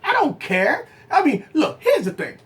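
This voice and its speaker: A man hosts a tech livestream and argues his opinions with his viewers. His pitch swoops up and down with animated energy. He hammers his points home with repeated phrases and rhetorical questions. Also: unhurried. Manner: talks straight to viewers as "guys". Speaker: tech channel host and business owner.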